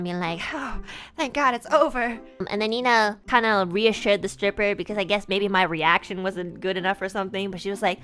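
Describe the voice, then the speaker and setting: Bright-voiced young woman telling a flustered story. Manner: rambling, flustered, bursts of high laughter. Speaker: VTuber streamer. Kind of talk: casual storytelling chat.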